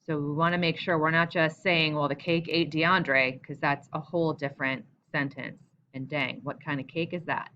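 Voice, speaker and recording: A woman's voice: low voice, a bit bright, muffled recording, a little hiss or hum. A woman English teacher giving a recorded lesson, explaining patiently and asking guiding questions.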